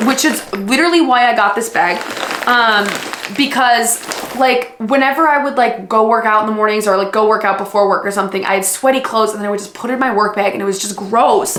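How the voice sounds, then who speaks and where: Gushing high-voiced young woman vlogger. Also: a bit bright, reverberant, slight background noise. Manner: gushing, filler-heavy. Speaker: book vlogger. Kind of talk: casual vlog chat and unboxing.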